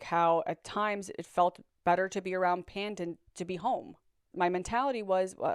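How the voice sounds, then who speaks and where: A young woman recounts her own experience in a candid, reflective manner, at times repeating a word while she finds the next. Her voice sits low and sounds smooth and clear, and the recording is dry and close with no room sound. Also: dry recording. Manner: candid, reflective, repeats words when searching for them. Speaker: survivor sharing her story. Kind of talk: personal storytelling.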